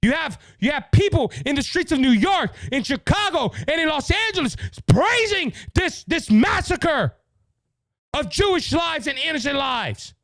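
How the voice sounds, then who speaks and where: A man's voice: very high voice, big pitch swings, a little slow, dry recording. A man with a Louisiana Cajun accent hosting his podcast, ranting in heated, angry political commentary. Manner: heated, yelling, repetitive. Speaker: podcast host.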